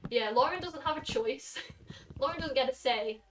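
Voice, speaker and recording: Chatty Welsh teen girl streamer. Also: sits high. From Wales. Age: late teens. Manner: chatty, reacting to chat with quick asides. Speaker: game streamer. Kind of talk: casual live-stream chat while gaming. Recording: somewhat distant mic with faint music.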